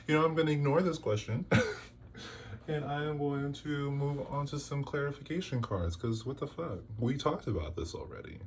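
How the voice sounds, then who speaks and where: A man's voice: a little high, moderate pace, a little hiss or hum. Exasperated man scolding through a tarot reading. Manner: exasperated, scolding, rhetorical questions. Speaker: tarot reader. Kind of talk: casual tarot reading to camera.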